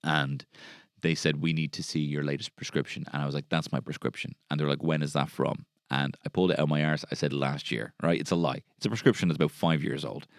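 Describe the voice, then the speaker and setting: A man's voice: a bass voice, fairly even intonation, fast, creaky, no echo, studio quality. A man with an Irish accent hosting a solo comedy podcast, rambling and sardonic, swearing freely. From Ireland. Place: podcast studio.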